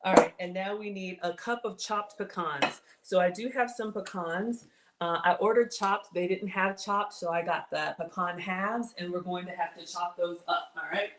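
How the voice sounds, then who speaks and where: A woman's voice: lowish voice, moderate pace, a little hiss or hum. A woman with a Southern US accent hosting a casual cooking livestream from her home kitchen, chatty and self-deprecating as she talks to viewers. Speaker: cooking show host.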